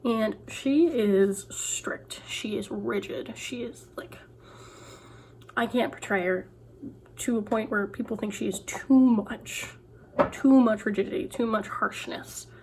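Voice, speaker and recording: A young woman author chats in a loose, rambling way, often restarting her sentences. Her voice sits a little high. A faint hum of background sound runs under the whole recording. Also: slow, a little mellow. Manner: chatty, rambling, full of "like" and restarts. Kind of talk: casual vlog chat.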